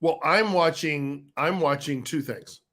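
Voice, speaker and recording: A man co-hosting a casual live stream, talking haltingly and repeating words as he searches for them. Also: on the high side, fairly bright tone. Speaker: co-host.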